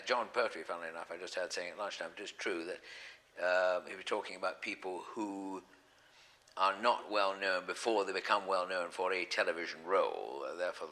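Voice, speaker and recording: Man, deep voice, bright forceful tone, rambling, self-correcting. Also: low-quality recording. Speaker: interview guest. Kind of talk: relaxed anecdotal chat.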